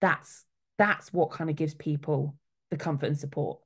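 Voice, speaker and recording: A middle-aged soul midwife, appearing as a guest speaker, talks casually and earnestly, acting out quoted voices along the way. Her voice is low-pitched with a breathy edge, at a moderate pace.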